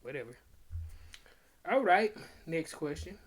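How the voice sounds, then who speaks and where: A young male comedian hosting his own podcast, his voice sitting a little higher than most men's. He talks in loose, slangy casual chat and acts out both sides of the arguments in his stories. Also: sing-song, slow pace, slightly rough.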